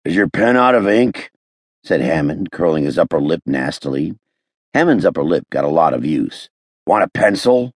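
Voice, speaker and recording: A man voicing a sour, hungover police lieutenant who talks gruffly and sarcastically. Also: a bass voice, animated, normal speed, darkish tone, no room sound, studio quality, exaggerated voice. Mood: sneering.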